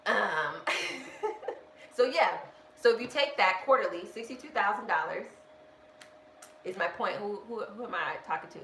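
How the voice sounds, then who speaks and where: Woman, casual live-stream rant, animated, self-interrupting, bright tone, roomy echo, faint noise behind. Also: medium pitch, a little slow, pauses often. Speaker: budgeting vlogger hosting a live stream. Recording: echoey room with faint background noise.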